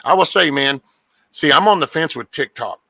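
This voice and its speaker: A man's voice: on the high side, animated, moderate pace, gravelly, a crowd in the background, rough recording. A man hosting a casual podcast chat, talking bluntly and profanely, rambling and restarting his sentences.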